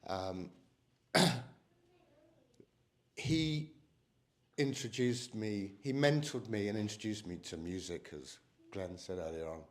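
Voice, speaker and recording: Emotional guy, lowish voice, halting memorial speech with lots of ums. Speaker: cousin giving a eulogy. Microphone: microphone.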